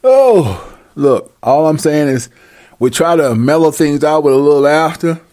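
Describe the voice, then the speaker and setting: Guy ranting on his vlog, cussing, slangy, laughs a lot, lively voice, dry sound. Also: on the high side, unhurried, no echo. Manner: animated, profane, slangy, laughs often. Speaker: commentator. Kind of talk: comedic rant to camera.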